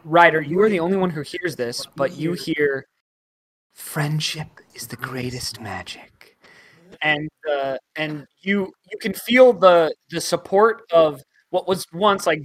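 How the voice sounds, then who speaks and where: A man runs a tabletop game, describing scenes to his players. He talks in a loose, halting way full of fillers. His voice sits a little high and sounds dry and close. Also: fairly bright tone, no echo, poor audio. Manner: chatty, halting narration with fillers. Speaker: game master.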